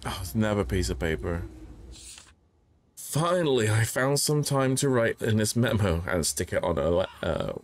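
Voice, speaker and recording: A man's voice: lowish voice, big pitch swings, moderate pace, slight background noise. A man streaming a horror game, reading notes aloud and joking as he plays. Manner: jokey, reads notes aloud, yelps when startled. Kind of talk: casual gameplay commentary.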